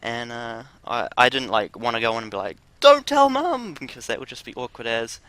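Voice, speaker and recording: A man's voice: mid-range voice, steady tone, fairly quick, pushed and bright, clean tone, dry recording. A man telling a crude, rambling story with laughs while commentating over gameplay.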